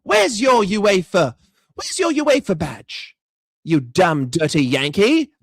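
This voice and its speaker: A man putting on a furious male football fan in a mock Scottish accent, shouting insults indignantly. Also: sits high, big pitch swings, takes it slowly, vocal fry, no room sound, clean studio sound, full character voice.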